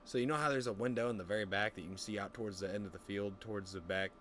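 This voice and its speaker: A young man with a fairly low voice tells a long rambling story, swearing often and acting out the people he quotes. Faint background noise runs under his casual streaming chat. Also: very fast. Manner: rambling, profane, animated quoting.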